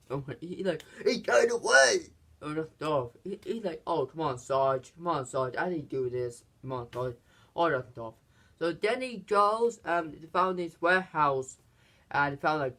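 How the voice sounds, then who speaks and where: Casual channel reviewer, unscripted plot retelling, hesitant delivery with frequent restarts, puts on pitched-up voices for quotes. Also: fairly bright tone. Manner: halting, many fillers and restarts; acts out quoted lines in higher voices. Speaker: movie reviewer.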